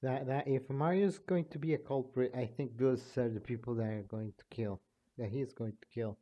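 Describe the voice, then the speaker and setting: A young man casually reading a fan story aloud, stumbling and restarting, on a dull lo-fi home mic. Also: medium pitch. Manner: slow, stumbling, restarts often. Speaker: fan fiction reader and narrator.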